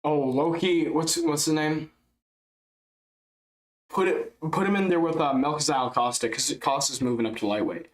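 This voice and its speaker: A man streaming casual live fight commentary, excitable and rambling as he thinks out loud. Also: a little high, moderate pace.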